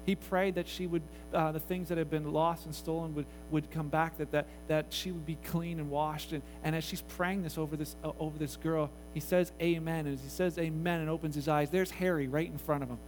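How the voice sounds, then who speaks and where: A pastor telling a story in a sermon, acting out the voices of the people in it. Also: male voice, fairly high pitch, brisk, hardly any pauses, faint music behind, poor audio. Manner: animated, acts out voices in the story.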